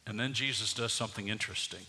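A man preaching a sermon as pastor, moving from quiet scripture reading to loud, emphatic preaching. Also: on the low side, fast, long reverb tail, a little hiss or hum.

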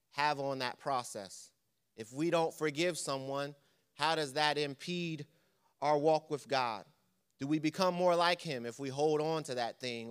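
A man's voice: fairly high pitch, a bit bright, clear, resonant tone. A man preaching a church lesson, conversational and quizzing the congregation with questions. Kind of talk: sermon.

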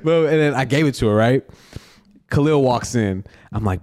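A young man co-hosting a podcast, telling a story in casual chat, rambling with lots of fillers. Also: moderate pace. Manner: rambling, heavy on fillers, voice jumps high when excited. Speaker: podcast co-host.

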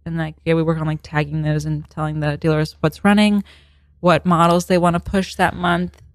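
A woman's voice: sits low, level tone, moderate pace, no echo, clean studio sound. A woman comedian chatting casually as a podcast guest, upbeat and full of fillers.

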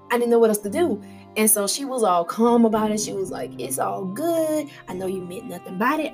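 A young adult woman hosting a podcast, telling a rambling personal story in a casual, animated way with frequent laughter and restarts. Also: mid-range voice. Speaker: podcast host.

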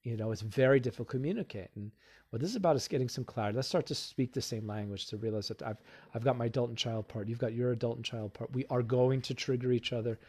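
A man's voice: mid-range voice, quick pace, darkish tone. Man giving casual self-help talk. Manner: conversational, many "you know" fillers; acts out inner voices in quotes.

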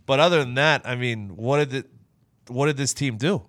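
An opinionated man co-hosting a casual sports podcast, speaking at a medium pitch. He swears freely and lets his points trail off quietly. The sound is dry and close-miked. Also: moderate pace, dry recording. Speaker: podcast co-host.

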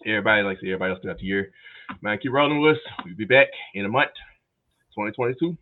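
A man hosting a podcast, wrapping up the episode with brisk, slangy banter. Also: on the low side, expressive. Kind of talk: casual sports chat. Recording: dull lo-fi sound.

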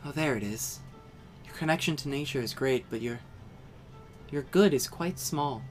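A game master voicing a curious, kindly ancient female tree dryad, speaking softly and slowly with a sense of wonder. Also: medium pitch, faint music behind, lightly acted. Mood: gentle, judging. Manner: soft, slow and wondering.

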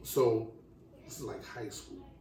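A man telling a crude story on a casual podcast, animated and laughing, with apologetic asides. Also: fairly low pitch, takes it slowly, distant mic. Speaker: podcast co-host. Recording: roomy, off-mic with faint background noise.

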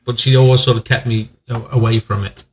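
A man's voice: medium pitch, flat delivery, a little fast, muffled recording. A man in his forties, an army veteran who was born in England and raised in Northern Ireland, telling rambling stories in a casual podcast chat. He swears freely and laughs often.

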